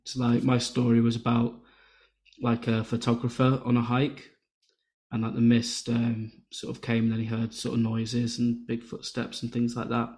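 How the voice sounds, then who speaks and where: A man speaks as a guest on a podcast. His voice sits at an ordinary pitch. He talks easily but hesitantly, with plenty of fillers, as he tells a story. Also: completely flat delivery, normal speed, a little mellow. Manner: easygoing, hesitant, lots of fillers. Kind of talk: casual chat.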